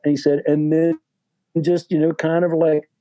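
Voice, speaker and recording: Sixties male interview guest, relaxed mellow tone, loose chatty anecdote delivery. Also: a little high, normal speed, muffled recording. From West Virginia, USA. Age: 60s. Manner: rambling, full of "like" and "you know" fillers, laughing at his own story. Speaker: guest author. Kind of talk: casual storytelling interview.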